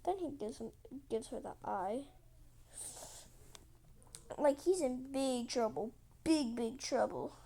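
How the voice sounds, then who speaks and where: Slow gravelly female storyteller, rambling. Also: high voice, animated, warm tone. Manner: rambling, repeats herself, many "like" quotes. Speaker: channel host. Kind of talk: rambling casual storytelling while drawing.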